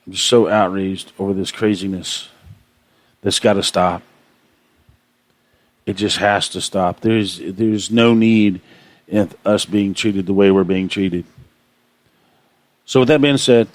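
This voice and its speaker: A man's voice: deep voice, steady tone, unhurried, long pauses, dry recording. Impassioned man ranting on radio. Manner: impassioned, aggravated, repetitive. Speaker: radio show host. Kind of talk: ranting monologue.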